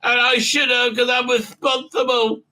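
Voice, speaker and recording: A man's voice: extremely high pitch, little pitch movement, moderate pace, bright, forceful tone, voice pushed up, heavily acted. A man putting on the voice of an anxious male starship doctor, talking in a whiny, self-reproaching way. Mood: fretful.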